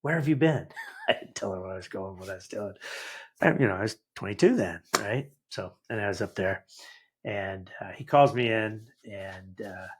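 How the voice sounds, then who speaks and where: A man in his sixties, a guest entrepreneur, tells life stories in a lively conversational way and acts out the dialogue. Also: fairly low pitch, moderate pace, breathy edge. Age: 60s. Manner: animated anecdotal, acts out quoted dialogue. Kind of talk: conversational storytelling.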